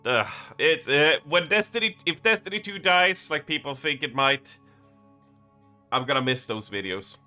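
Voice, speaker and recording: Young man, streamer, strained worn voice, very bright tone, faint music behind. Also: on the high side, lively intonation, moderate pace, clean tone. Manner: rambling, chatty, with lots of fillers. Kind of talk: casual live-stream chat.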